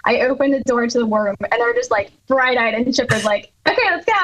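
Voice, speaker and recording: A woman on a podcast, telling a story in an amused, lively way. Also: fairly high pitch, brisk, poor audio. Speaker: podcast co-host. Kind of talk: casual storytelling chat.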